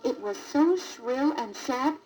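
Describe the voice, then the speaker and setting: Slow, lively woman storybook narrator. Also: high-pitched, soft background music, low-quality recording. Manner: deliberate, expressive read-aloud. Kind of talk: scripted storybook narration on a 1981 record.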